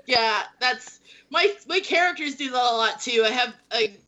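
A woman's voice: sits high, animated, normal speed, bright, forceful tone, lo-fi sound. An American woman, a romance author and speech teacher, chatting on a panel and laughing often as she quotes people. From United States. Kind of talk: casual panel chat.

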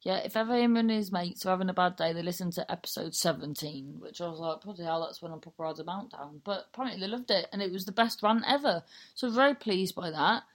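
A woman's voice: on the low side, fast talker. Chatty, sweary Cornish woman. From Cornwall. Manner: chatty, sweary, rambling and self-mocking. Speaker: podcast host. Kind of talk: casual podcast chat.

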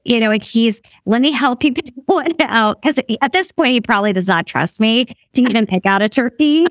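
Briskly and in a slightly high voice, a fifty-something female guest tells a story in casual talk. Laughter comes often, and she animatedly quotes other people. The sound is clean studio audio with no echo.

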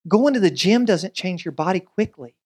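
A man preaching a sermon as pastor, conversational and animated, with quick asides and voiced quotes. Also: sits high, slightly rough.

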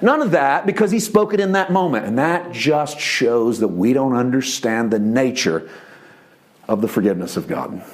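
Male pastor, animated sermon delivery, very lively intonation. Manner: animated preaching, shifts between soft low tones and raised emphasis; voices quoted speech in a conversational preacher's tone.

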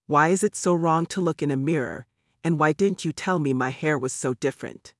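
A man's voice: on the high side, fairly quick, no room sound, clean studio sound, lightly acted. A man reading a blunt curious young girl. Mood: pleading. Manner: blunt, questioning. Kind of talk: audiobook character voice.

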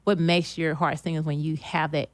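A woman's voice: low-pitched, flat delivery, normal speed, no echo. A woman guest on a podcast in casual chat, speaking earnestly and motivationally, often repeating her key phrases.

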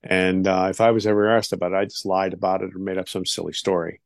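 Middle-aged male guest, gravelly storyteller, animated, with plenty of "you know"s. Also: sits low, fast talker, dry recording, clean studio sound. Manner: animated, acts out quoted voices, many fillers. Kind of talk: interview storytelling.

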